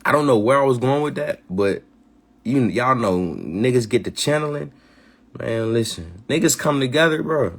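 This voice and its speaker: A husky-voiced man speaks on a live stream, firing up into passionate, slang-heavy talk full of swearing and repeated phrases. His voice sits in an ordinary middle pitch with a slightly rough, breathy edge. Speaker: host of a live community gathering.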